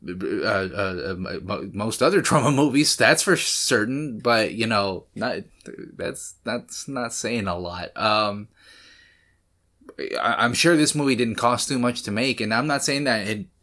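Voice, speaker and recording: A man's voice: fairly low pitch, expressive, unhurried, pushed and bright. A man hosting a movie reaction, rambling and joking as he talks back to the screen. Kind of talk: casual reaction commentary.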